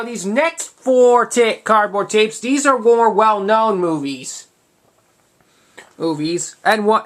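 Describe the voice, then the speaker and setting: A man's voice: sits high, a bit bright. A man in his twenties talks through his collection for the camera in a loose, unscripted way. He often stops and restarts words mid-phrase, keeping a plain, matter-of-fact tone, and comes through a camera mic while he handles the items off-screen. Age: 20s. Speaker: video collector showing tapes. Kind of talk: casual show-and-tell vlog.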